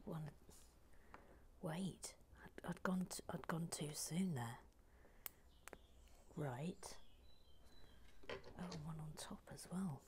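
Slow, murmuring woman building Lego. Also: low-pitched, noisy background. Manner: unhurried, dry humour, drops to murmured asides while building. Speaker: Lego building channel host reading live chat. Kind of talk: relaxed live building stream with chat reading.

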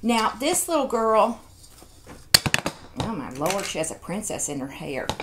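A woman's voice: medium pitch, sing-song, a little slow, very noisy. A woman, chatting casually while unboxing toys and cooing over each one. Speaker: toy collector vlogger.

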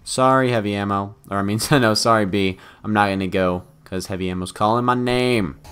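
A young man giving live commentary over his own video game match, muttering one moment and shouting the next. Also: fairly low pitch, a little fast, hardly any pauses, smooth. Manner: excitable, swings from mutters to loud outbursts. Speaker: gaming YouTuber.

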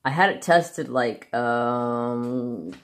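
A woman's voice: rumbling low, extremely slow. A woman craft vlogger in casual, rambling chat, laughing often and swearing freely.

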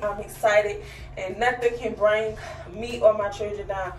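A woman's voice: mid-range voice, fairly even intonation, measured pace, distant mic. A young adult woman and mother of five, tired and out of breath, chatting casually to her viewers in a vlog outro. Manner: chatty, addresses viewers as y'all. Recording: roomy echo, from off-mic, faint music.

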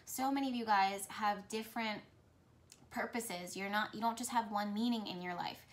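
A woman's voice: medium pitch, normal speed. A woman speaking directly to her viewers as a spiritual reader, talking in a flowing, repetitive, earnest way. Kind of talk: intuitive message talk to camera.

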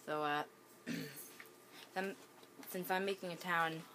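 A woman's voice: fairly low pitch, fairly even intonation, slow pace, noisy background. A woman with the hiccups giving casual gameplay commentary at home, hesitant, with many ums and restarts. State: has the hiccups. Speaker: gaming channel host.

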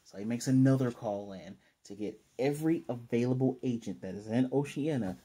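A man's voice: mid-range voice, fairly quick, mellow, slightly rough. A man casually recapping an anime episode, animatedly paraphrasing the characters' lines. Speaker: anime reviewer.

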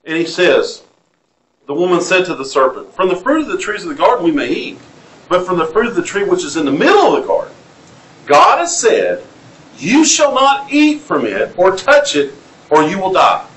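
Preaching in a church sanctuary with a Southern US accent, a male pastor reads scripture aloud and asks the congregation questions during an interactive sermon. His high, sing-song voice is a bit bright and a little fast. The echoey recording carries slight background noise.

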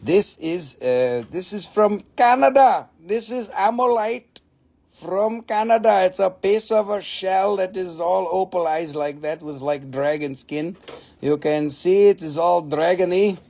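A man with an Appalachian accent hosting a live mineral sale, excitable and jokey, swearing casually as he talks. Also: sits high, unhurried, vocal fry.

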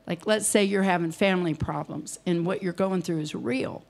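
A woman's voice: on the low side, moderate pace, gravelly, a little mellow. A woman in her sixties preaching an evening sermon in a folksy, emphatic way, acting out the voices she quotes.

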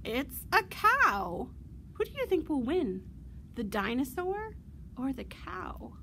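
High, slow-talking children's librarian woman. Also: vocal fry, slight background noise. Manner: slow, singsong and animated, with loud playful roars. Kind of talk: virtual storytime for children.

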